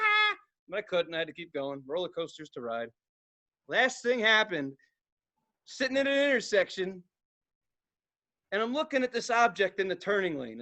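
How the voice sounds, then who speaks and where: A young man with a high, bright voice spins rowdy stories on a podcast. He swears freely, acts out sudden yells and laughs at his own tales in loose, casual chat. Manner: profane, animated storytelling with acted-out outbursts and laughter. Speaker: podcast co-host.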